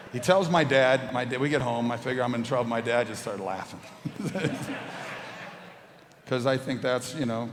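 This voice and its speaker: A man's voice: mid-range voice, slight background noise. A man telling his personal testimony to a crowd as a guest speaker, storytelling with jokes and acted-out quotes. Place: large auditorium. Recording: echoey auditorium hall.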